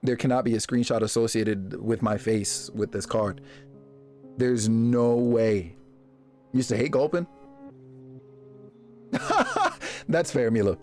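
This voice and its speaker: A man streaming live, chatting casually with his viewers and reacting to them in a jokey, animated way. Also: a little fast, few pauses, faint music behind. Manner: animated, jokey, reacting to chat with big pitch jumps and laughs.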